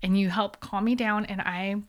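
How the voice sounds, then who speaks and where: A woman's voice: mid-range voice, normal speed. Woman telling a personal story, restarts often. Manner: animated storytelling with many fillers and restarts. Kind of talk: casual chat, personal story.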